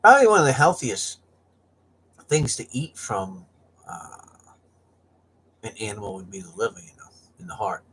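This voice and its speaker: A man's voice: on the low side, big pitch swings, normal speed, long pauses, a bit bright, slight background noise. A man chatting casually and rambling on a livestream, joking and laughing often. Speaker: livestream host.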